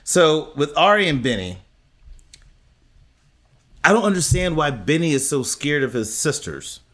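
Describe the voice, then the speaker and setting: A man co-hosting a podcast in casual recap chat, opinionated and deliberate, speaking to his listeners. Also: on the high side, very animated, fairly bright tone. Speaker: podcast co-host.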